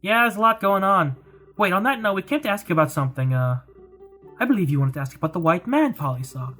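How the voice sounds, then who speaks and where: A woman voicing a cheerful, energetic teenage girl adventurer, over faint game music. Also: on the low side, quick pace. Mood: upbeat.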